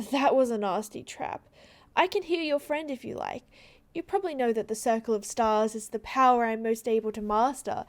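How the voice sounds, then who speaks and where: A woman voicing a kind, brave young heroine in a game, speaking earnestly. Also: high voice. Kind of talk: reading game dialogue aloud.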